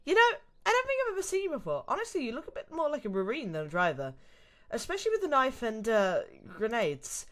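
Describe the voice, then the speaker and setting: A woman's voice: fairly high pitch, huge pitch swings, fast, voice pushed up. A British woman voicing a sassy young female college student in her own exasperated voice, reading a visual novel aloud. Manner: exasperated, chatty.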